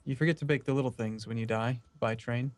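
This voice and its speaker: A man's voice: medium pitch, steady tone, fast talker, dry recording. A man chatting during a multiplayer game in a dry, matter-of-fact way. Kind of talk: casual gaming chat.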